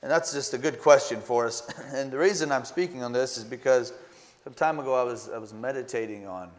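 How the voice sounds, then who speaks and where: Man, preacher, sermon, earnest, halting, repeats words, reads old scripture. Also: mid-range voice.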